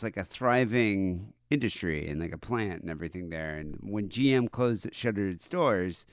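A man's voice: low-pitched, normal speed, hardly any pauses, no echo, clean studio sound. A man from Michigan co-hosting a podcast, telling stories in casual chat with lots of fillers. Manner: rambling, animated storytelling with many fillers. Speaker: podcast co-host.

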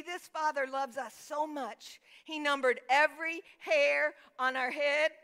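A woman preacher with a high voice delivers an emphatic sermon. Her tone is bright and forceful as she reads scripture and prompts the congregation to repeat key words. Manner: emphatic, calls for congregation responses.

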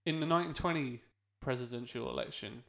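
A man's voice: medium pitch, fast, creaky, a bit bright. A man co-hosting a podcast in casual chat, rambling and correcting himself as he goes. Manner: rambling, self-correcting, laughs often. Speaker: podcast co-host.

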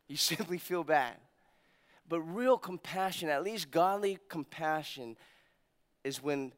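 Pastor, male, high smooth voice; animated sermon delivery with acted-out quotes and quiet emphatic drops.

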